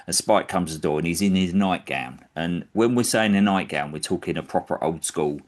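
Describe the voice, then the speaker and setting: Deep-voiced man telling a story. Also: a little fast. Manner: animated, acts out quoted characters. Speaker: podcast storyteller. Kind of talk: casual anecdote telling.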